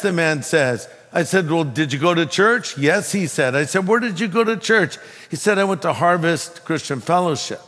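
A male pastor delivering a sermon, telling a story and acting out the dialogue with animated swings in his voice. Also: long reverb tail. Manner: animated, acts out dialogue with rising pitch.

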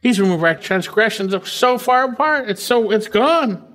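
A man's voice: lively intonation, moderate pace, a bit bright. A man preaching an expository sermon, emphatic and conversational, with frequent asides to the congregation. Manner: emphatic, pitch rising and dropping widely between phrases.

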